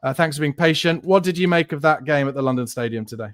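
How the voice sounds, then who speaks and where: A man's voice: on the high side, quick pace. A man hosting a casual football podcast, talking at length in analytical detail and swearing casually. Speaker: podcast host.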